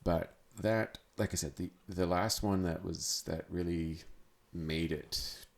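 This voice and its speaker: A man hosting a podcast, talking through a personal story in a halting, searching way with many restarts. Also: sits low, fairly even intonation, vocal fry. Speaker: podcast host. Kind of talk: personal monologue.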